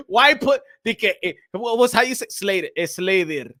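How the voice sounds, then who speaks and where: Animated, bright-voiced New man. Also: high voice, unhurried, no room sound, clean studio sound. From New York City. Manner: animated, laughing, slangy, switching into Spanish. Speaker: boxing channel host. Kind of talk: casual live-stream chat.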